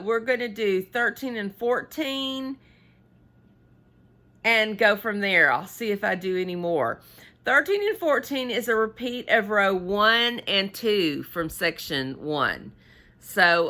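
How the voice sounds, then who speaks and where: A woman's voice: mid-range voice, lively intonation, slow, sharp tone. A woman hosting a casual knitting tutorial, chatty and rambling as she laughs at herself. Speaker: knitting channel host.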